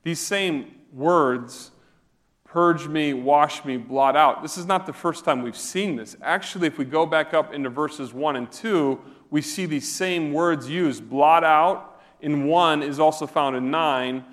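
A man's voice: a little high, a little slow, a bit bright. Earnest man preaching in a reverberant hall. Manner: earnest, conversational preaching with rhetorical questions. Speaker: pastor. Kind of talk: sermon.

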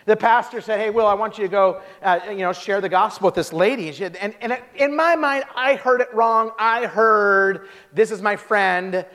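A man preaching a sermon, telling stories with lively acted-out quotes. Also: high-pitched, normal speed, hardly any pauses. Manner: animated storytelling, acts out quotes in character voices. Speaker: pastor. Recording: long hall reverb.

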